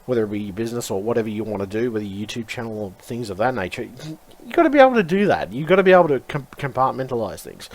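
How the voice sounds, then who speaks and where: Frustrated, cursing man. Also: mid-range voice. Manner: frustrated, swearing, rambling. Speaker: YouTuber. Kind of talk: casual rambling vlog.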